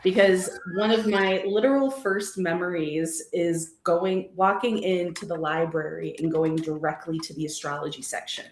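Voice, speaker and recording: A woman's voice: on the low side, normal speed, hardly any pauses. A woman in her forties, a guest astrologer on a casual livestream, bubbly and laughing as she talks. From United States. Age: 40s. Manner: bubbly and laughing, nerdy jargon. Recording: echoey room.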